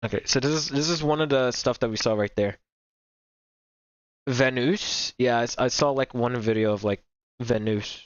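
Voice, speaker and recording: A man's voice: mid-range voice, normal speed, no echo. Young male reaction host, rambling and repetitive, dry, slightly dull home mic. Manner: rambling, repeats himself, heavy filler words. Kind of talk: casual reaction commentary.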